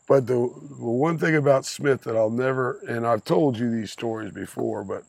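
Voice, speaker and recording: Gravelly older man telling stories. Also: medium pitch, normal speed, few pauses, a little mellow, no room sound. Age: 60s. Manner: rambling anecdotes, frequent laughter, crude language. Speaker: podcast guest, father of the host. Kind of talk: casual storytelling chat.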